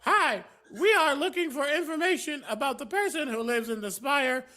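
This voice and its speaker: A man at a tabletop game speaks in a very high, lively voice, blunt and joking as he restarts mid-sentence. Faint music plays underneath. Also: moderate pace. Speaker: player. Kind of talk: casual tabletop role-play.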